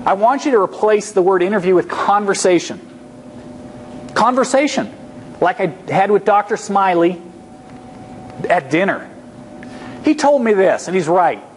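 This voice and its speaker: A man giving a humorous, energetic talk as a guest speaker, emphatic and repeating key points. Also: high voice, measured pace, long pauses, slight background noise. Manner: energetic, acts out quoted voices, emphatic repetition. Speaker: guest speaker on job interviews. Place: lecture hall.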